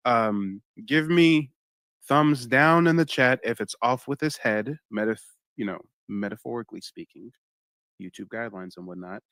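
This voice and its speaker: A young man hosting a live-stream reaction, talking straight to his chat in an animated way and exclaiming often. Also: medium pitch, normal speed, dry recording.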